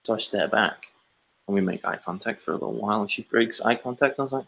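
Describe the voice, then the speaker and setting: Speaking fast in a low, creaky, slightly bright voice, a man co-hosting a casual podcast spins out a long, meandering story and performs the quoted lines. The recording quality is rough.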